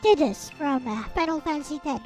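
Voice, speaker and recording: A woman streamer chatting casually, halting often with pauses as she talks. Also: high voice, expressive, warm tone, soft background music.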